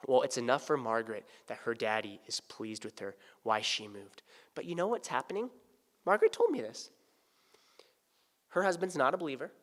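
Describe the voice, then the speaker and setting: A male pastor preaching a sermon, swinging from hushed, tender asides to loud, pleading emphasis. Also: medium pitch. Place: church sanctuary. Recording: church sanctuary with long reverb.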